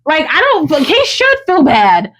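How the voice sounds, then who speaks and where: A woman co-hosting a podcast, telling a story in a casual, animated and profane way. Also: sits high, moderate pace. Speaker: podcast co-host.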